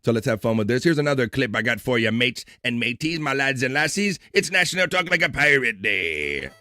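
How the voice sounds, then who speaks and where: A man's voice: medium pitch, big pitch swings, a little fast, sharp tone. A man hosting a casual live stream, reading out national day items in a playful, joking way and slipping into a mock pirate voice now and then. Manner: playful, jokey, slips into a pirate voice.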